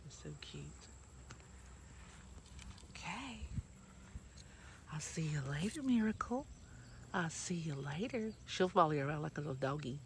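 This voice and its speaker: A woman's voice: low voice, lively intonation, measured pace, long pauses, background noise. A woman vlogging her farm chores outdoors, chatting casually and cooing to the animals as she goes. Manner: chatty, coos and talks to the animals. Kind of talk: casual vlog chat while doing farm chores. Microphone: camera set down nearby.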